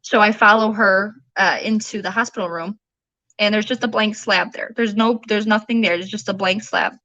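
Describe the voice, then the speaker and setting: A woman in early adulthood gives a personal account in a podcast conversation, acting out what others said to her. Her voice is bright and forward. The recording is dry and close. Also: medium pitch, fairly even intonation, moderate pace, no room sound, highs cut off. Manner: earnest, retelling events with quoted dialogue. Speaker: guest, bereaved mother.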